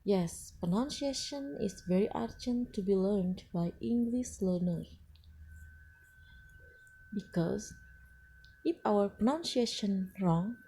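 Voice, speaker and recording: A woman, not a native English speaker, lecturing on English pronunciation with frequent pauses and restarts. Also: medium pitch, vocal fry, dark tone, a little hiss or hum. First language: Indonesian. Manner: slow and hesitant, frequent uh fillers and restarts. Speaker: English teacher. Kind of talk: lecture presentation.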